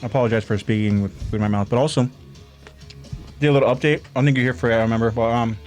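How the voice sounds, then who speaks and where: Relaxed man giving a podcast update. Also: mid-range voice, very fast, faint music behind. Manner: relaxed, hesitant with ums and uhs. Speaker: podcast co-host. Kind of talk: casual chat.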